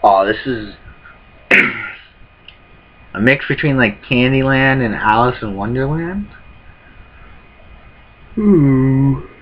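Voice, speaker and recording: A man's voice: mid-range voice, expressive, a little slow, pauses often. A man in a casual live reaction, reading comic panels aloud with muttered asides, on a dull lo-fi recording. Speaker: YouTuber reacting to a manga.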